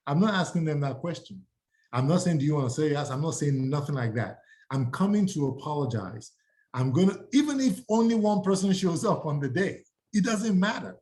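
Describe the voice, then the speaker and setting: A man teaching real estate agents, energetic and acting out sample door-knock pitches. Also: moderate pace. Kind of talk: live training talk to agents.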